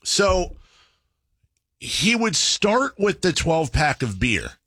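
A man on a podcast tells a story in a loose, rambling way and keeps stopping to correct himself. His voice is bright and lively, with wide swings in pitch. The studio sound is dry and close. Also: slow pace, breathy edge, no room sound. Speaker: podcast host. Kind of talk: casual storytelling chat.

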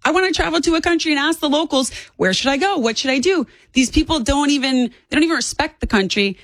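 A woman in her twenties, a guest on a political talk show, speaking fast and emphatically with strong opinions. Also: high voice, animated, no echo. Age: 20s.

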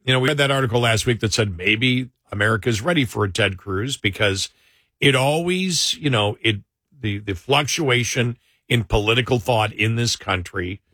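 A man hosts a political talk show in a relaxed, conversational way, with dry humor that slips in now and then. His voice is bright and forceful. The sound is dry and close, with no room echo. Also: medium pitch, normal speed. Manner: sarcastic, conversational, self-correcting.

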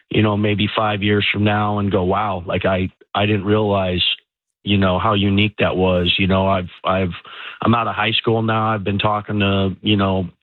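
A man, a high school football head coach, talking in a relaxed way with lots of fillers during a phone-in interview. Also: dry recording. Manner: relaxed, many fillers like "you know" and "um". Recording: tinny phone line.

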